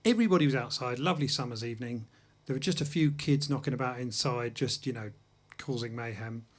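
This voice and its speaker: Brief: male host from England, mid-pitched, chatty and self-deprecating, telling anecdotes between tunes in a studio. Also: fast talker. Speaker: host and jazz pianist-singer. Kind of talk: casual chat between songs on a livestream. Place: music studio.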